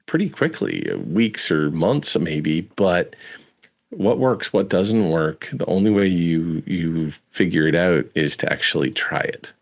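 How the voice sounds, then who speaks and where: A man hosting a casual interview, telling stories in a relaxed way. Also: low voice, measured pace, highs cut off. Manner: relaxed storyteller, laughs easily. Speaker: podcast host.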